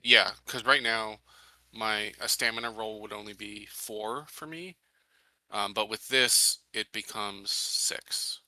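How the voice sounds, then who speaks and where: A man playing a tabletop game, speaking slowly and deliberately while choosing his character's talents. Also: on the low side, pushed and bright, no room sound, low-quality recording. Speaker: player. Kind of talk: casual tabletop chat.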